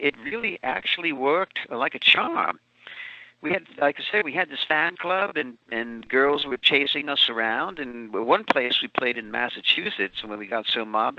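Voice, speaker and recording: A man's voice: medium pitch, pushed and bright, no echo. A man in his seventies, an author and guest, telling long meandering anecdotes in an interview. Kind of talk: storytelling interview answer. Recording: muffled lo-fi audio.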